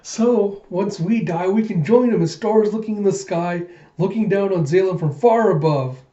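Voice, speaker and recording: A man voicing a cheerful, dreamy young girl sidekick in a high, excited lilt. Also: moderate pace, distant mic, close to an everyday voice. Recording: echoey, dull lo-fi room.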